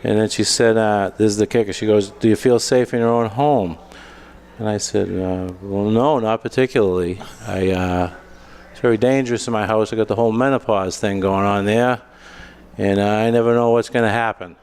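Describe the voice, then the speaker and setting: A middle-aged man hosting a comedy show, telling stand-up stories with a dry, deadpan delivery. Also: lowish voice, normal speed, clear, resonant tone. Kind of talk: stand-up storytelling.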